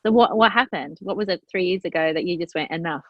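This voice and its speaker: A woman's voice: lowish voice, fast, no echo. A woman hosting an interview podcast, asking encouraging, attentive questions. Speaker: podcast host. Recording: dry, slightly dull audio.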